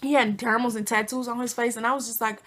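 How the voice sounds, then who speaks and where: A young woman vlogger telling a casual storytime, animated and slangy, acting out quotes with big jumps in pitch. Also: fast. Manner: informal slangy speech.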